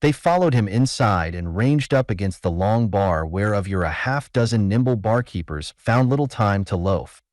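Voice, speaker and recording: A man reading a classic short story aloud as narrator, in a measured, expressive way. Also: fairly low pitch, dry recording, studio quality.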